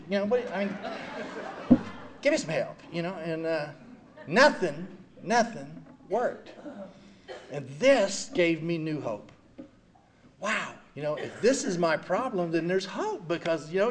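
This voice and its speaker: An older man speaking at a recovery meeting, giving an animated, self-mocking personal testimony full of "you know.". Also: sits high, slight background noise.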